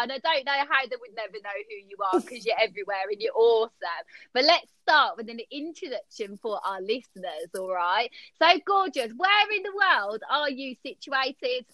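A woman's voice: sits high, animated, moderate pace, few pauses, bright, forceful tone, no room sound. A middle-aged woman hosting a podcast in a bubbly, giggly, casual chat. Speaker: podcast host.

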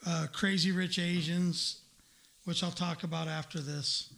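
A man with a high, gravelly voice hosts a loose comedy talk segment. He is blunt and profane, and he rambles through listings with plenty of uhs. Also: little pitch movement, measured pace, fairly bright tone. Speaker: radio show host. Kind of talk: casual crude comedy talk.

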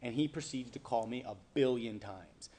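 A young adult man telling a personal story in a casual interview, profane and animated, acting out the people he quotes. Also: mid-range voice, moderate pace.

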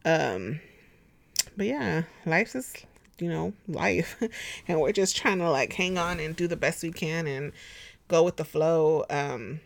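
A woman in her thirties hosting a podcast at home, chatty and expressive, laughing often. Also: low voice, takes it slowly, vocal fry, dry recording. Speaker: podcast host. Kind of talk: casual chat.

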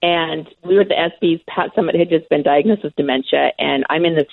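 A middle-aged woman sports broadcaster tells her stories with real enthusiasm and laughs easily. Her voice is gravelly and a bit husky. It comes through a tinny, dry line that sounds like a phone. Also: deep voice, fairly quick, no room sound. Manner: enthusiastic storyteller, laughs often. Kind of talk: casual interview chat.

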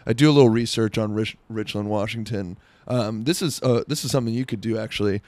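Young man, low voice, rambling comedic monologue, crude humor, dry close sound. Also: fast, a little mellow, no room sound. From South Florida. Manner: rambling, crude, self-interrupting with lots of "like".

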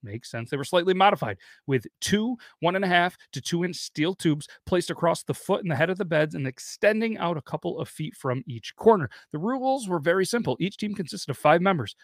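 A man's voice: high voice, expressive, a little fast, hardly any pauses, no echo, clean studio sound. A man in his thirties hosting a podcast, reading a listener's story aloud and rambling off into chatty asides. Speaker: podcast host.

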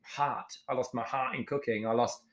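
A man's voice: medium pitch, fairly even intonation, moderate pace, fairly bright tone. Candid, swearing man chef in his forties. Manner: frank, profane, emotionally open. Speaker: podcast guest, chef. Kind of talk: candid conversational storytelling.

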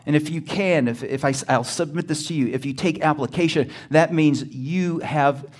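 A male pastor preaches a sermon at a normal speed in a slightly high voice, speaking emphatically and often rising to near-shouted exclamations. He calls out to the congregation for a response.

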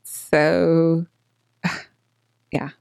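A woman co-hosting a podcast, telling a story in a lively way with frequent laughter and acted-out quotes. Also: deep voice, extremely slow, vocal fry, smooth, no room sound, clean studio sound. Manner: animated, laughing, acts out quotes. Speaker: podcast co-host. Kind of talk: casual storytelling chat.

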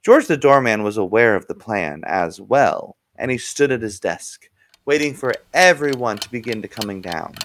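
Brief: a playful male storyteller with a swooping, animated delivery. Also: fairly low pitch, moderate pace, a little hiss or hum. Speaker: narrator. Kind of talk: comic storytelling.

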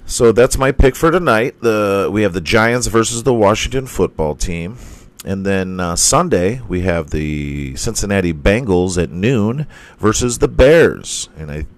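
A hoarse man with a very low voice talks slowly through casual sports picks. He rambles and swears, often breaking off to correct himself. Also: expressive. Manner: rambling, profane, self-interrupting. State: hoarse, losing his voice. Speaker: podcast host.

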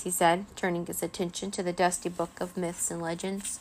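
A woman narrating a children's chapter book aloud, steady and expressive. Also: fairly low pitch, a little fast, a little hiss or hum. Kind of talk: children's storybook reading.

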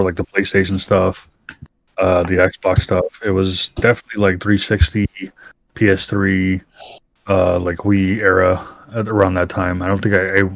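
A man in a casual chat, slowly trying to recall things, pausing and hedging as he talks. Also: fairly low pitch. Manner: slow, searching for memories, hesitant.

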